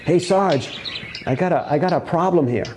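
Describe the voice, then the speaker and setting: A man doing a baffled beat cop, pitched up. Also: moderate pace, darkish tone, slight background noise, lightly acted. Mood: uneasy. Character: puzzled street cop, male, cautious.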